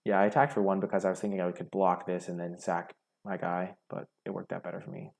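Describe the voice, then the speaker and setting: A young man with a very low, gravelly voice that has a husky edge, chatting casually through his own card game. He thinks aloud and picks apart his own plays as he goes. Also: flat delivery, quick pace, a little mellow. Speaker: gaming streamer. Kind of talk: casual gameplay commentary.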